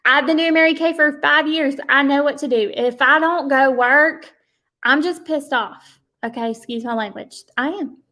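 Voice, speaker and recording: High-voiced woman giving an emphatic pep talk. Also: moderate pace, bright, forceful tone. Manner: emphatic and preachy, with frequent laughs; addresses listeners directly and folksily. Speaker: direct sales team leader.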